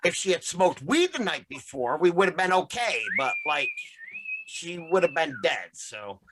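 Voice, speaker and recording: A man's voice: sits high, huge pitch swings, moderate pace, background noise. A young man hosting a casual podcast, recapping a comic book issue in a rambling, profane, joking way. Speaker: podcast host.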